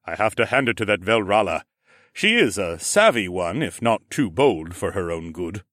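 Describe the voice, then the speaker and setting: A man's voice: lowish voice, sing-song, moderate pace, a bit bright, no room sound, studio quality. A man doing a hearty, shrewd ram lord. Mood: commanding. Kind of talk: audiobook character voice.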